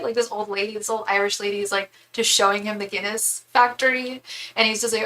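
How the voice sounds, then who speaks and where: A woman's voice: medium pitch, level tone, brisk, pushed and bright, low-quality recording. A young woman hosting a casual live stream from home, chatty and rambling, full of "like.". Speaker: tarot reader and live-stream host.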